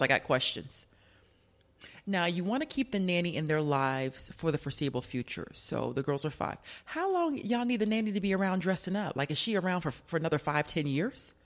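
Chatty, joking radio show host. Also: medium pitch. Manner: chatty, joking, full of rhetorical questions. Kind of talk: casual talk radio commentary.

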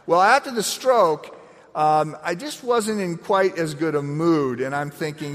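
A middle-aged man preaching a sermon with a slightly raised voice and lively storytelling that jumps up high for emphasis. His voice rings with the long reverb of a large hall. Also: a little slow, soft background music. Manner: storytelling with lively, animated swings in pitch. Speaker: pastor.

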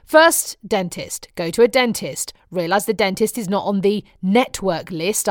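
A woman's voice: mid-range voice, dry recording, clean studio sound. A middle-aged British woman, a radio presenter, telling chatty personal stories in a wry, humorous way. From Britain. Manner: wry, chatty storytelling with frequent laughs. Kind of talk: chatty personal diary monologue.

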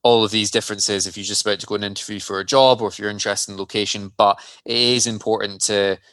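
A man's voice: lowish voice, fairly even intonation, fast, a bit bright, no room sound. A man co-hosting a podcast, explaining things in plain, friendly terms with some self-deprecating humour. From Scotland. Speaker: podcast co-host. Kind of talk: casual explanatory chat.

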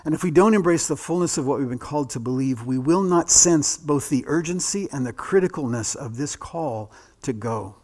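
A man pastor preaching a sermon, swinging from raised emphatic lines to quiet, drawn-out words. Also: fairly high pitch, lively intonation.

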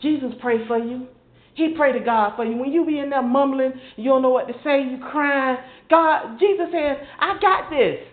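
An older woman preaches in a high voice, impassioned and conversational. The sound is thin and phone-like, with a roomy echo around her. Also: normal speed. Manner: impassioned, conversational, mimics others in mocking asides. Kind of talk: informal sermon. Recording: phone-quality audio in an echoey room.

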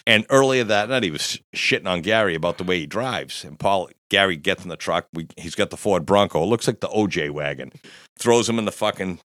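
A man's voice: low-pitched, expressive, a little fast, fairly bright tone, dry recording, clean studio sound. A man on a podcast telling a long, rambling, profane story in casual chat. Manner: profane, rambling anecdote teller. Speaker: podcast co-host.

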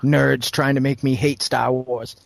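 A man's voice: medium pitch, flat delivery, unhurried, vocal fry, no echo. A man co-hosting a podcast, blunt and profane in casual chat. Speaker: podcast co-host.

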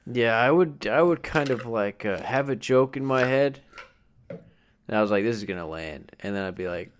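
A man's voice: medium pitch, moderate pace. A young man co-hosting a podcast, telling self-deprecating stories in casual chat. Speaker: podcast co-host. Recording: faint background noise.

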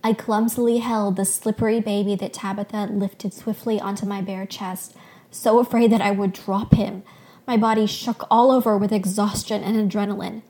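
Woman, podcast host, story reading, soft, expressive, middle pitch. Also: moderate pace. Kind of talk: reading a fictional story aloud.

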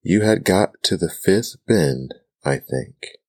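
A curious, polite young girl, softly put on by a man in a whispered role-play, earnest and gentle. The voice sits very deep and moves at an unhurried crawl, close and dry. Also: expressive, no echo, full character voice. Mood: humble.

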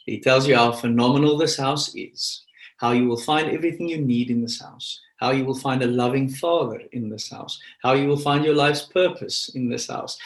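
A man preaching a sermon as pastor, with an emphatic, animated delivery. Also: medium pitch. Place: church. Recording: echoey church room.

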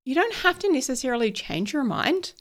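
A woman's voice: high-pitched, big pitch swings, brisk. A middle-aged woman from New Zealand with a New Zealand accent that drifts toward American, hosting a solo podcast in a chatty, self-deprecating way. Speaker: podcast host.

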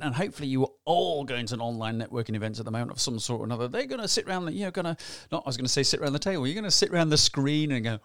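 A man giving a chatty, energetic motivational business talk, firing rhetorical questions and acting out examples. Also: on the high side, no echo, clean studio sound. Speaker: business trainer.

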